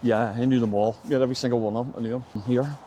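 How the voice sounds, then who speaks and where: A man's voice: mid-range voice, steady tone, very fast, warm tone, a little hiss or hum. Chatty Belfast man, full of "mate". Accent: Northern Irish (Belfast). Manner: chatty storyteller, says "mate" constantly. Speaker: local guide. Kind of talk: casual walking-tour chat. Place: outdoors on city streets.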